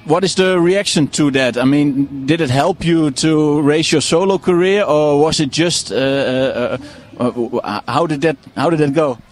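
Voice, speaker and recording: A man whose first language is Dutch, interviewing a guest on the radio and asking halting questions full of repeated fillers. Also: on the high side. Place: radio studio.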